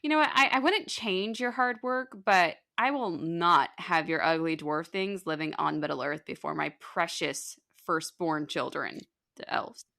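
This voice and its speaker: A woman's voice: sits low, unhurried, gravelly, pushed and bright, exaggerated voice. A woman doing a stern father god scolding. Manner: scolding, lecturing. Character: stern all-powerful father god scolding his son.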